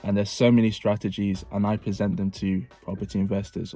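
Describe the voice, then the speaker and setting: A young man telling a personal story in a casual vlog, animated and prone to repeating phrases for effect. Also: lowish voice, quick pace, few pauses, breathy edge, soft background music. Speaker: vlogger.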